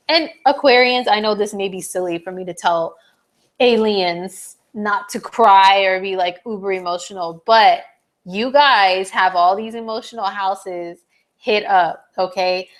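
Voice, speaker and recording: Woman astrologer host, casual live-stream delivery, chatty with filler words, slightly hoarse, mid-range voice. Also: medium pitch. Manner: chatty, lots of "like" and "um", reads viewer comments aloud. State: slightly hoarse, clearing her throat.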